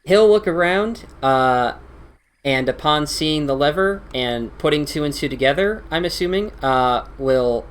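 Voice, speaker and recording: A woman with a notably low voice narrates as game master of a tabletop game. Her delivery is relaxed and halting, and her pitch swings widely as she goes.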